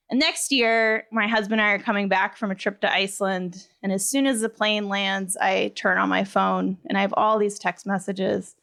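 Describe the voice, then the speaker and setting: A woman in her thirties telling a personal story on stage, animated and quick to laugh as she quotes the people in it. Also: medium pitch, smooth.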